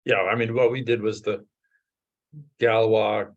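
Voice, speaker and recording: A man in casual technical conversation about mathematics, speaking haltingly with frequent short assents. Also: fairly low pitch, flat delivery, dull audio. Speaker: mathematician discussing research.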